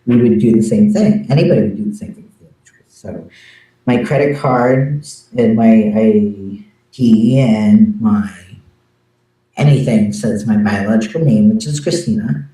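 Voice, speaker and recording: A man giving an earnest, halting personal account as an interviewee, often restarting his sentences. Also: fairly low pitch, dark tone. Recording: very echoey room, distant from the mic.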